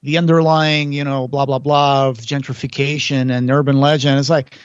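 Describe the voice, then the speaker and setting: A man's voice: mid-range voice, level tone, moderate pace, smooth, dry recording, highs cut off. A man hosting a podcast, retelling film scenes in casual detail and acting out quotes. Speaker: podcast host.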